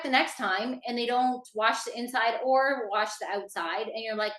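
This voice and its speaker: A woman runs a business workshop in a casual, chatty lecture style, speaking straight to her listeners with lots of fillers. Her fairly high, fairly bright voice is expressive and moderately paced with few pauses, and the sound is roomy.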